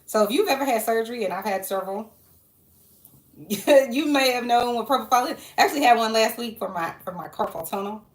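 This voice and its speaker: A woman's voice: fairly high pitch, animated, brisk, reverberant. A woman chatting casually on her vlog in a rambling way, jumping between side stories. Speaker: social worker and vlogger. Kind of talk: casual chat.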